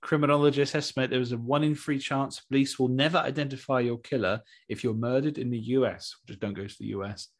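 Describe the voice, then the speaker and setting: A man co-hosting a casual podcast, reading out strange facts over a video call and adding wry, deadpan asides. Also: mid-range voice, fast talker, hardly any pauses. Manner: wry, deadpan asides after each fact. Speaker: podcast co-host.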